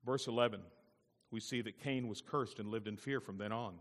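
A male pastor preaching a sermon, repeating his points and swinging between loud emphasis and quiet intensity. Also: on the low side, fairly even intonation, fairly quick. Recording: long reverb of a large hall.

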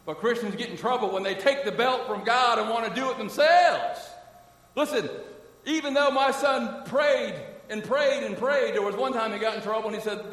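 A middle-aged male pastor preaches with a high, ringing voice, sprinkling his sermon with quick "amen?" and "listen" asides. He sounds distant from the mic, and a long reverb trails each phrase through the church hall. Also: a bit bright. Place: church sanctuary. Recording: echoey hall from far off.

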